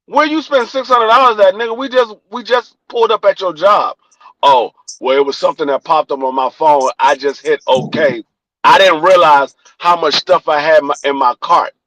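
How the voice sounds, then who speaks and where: A young D.C. man with a high, light voice and a Washington, D.C. accent co-hosts a podcast, telling a long story at a moderate pace in casual chat. He acts out each person's quoted lines with plenty of swearing. The recording is close and dry, with no echo or room sound, and poor audio quality.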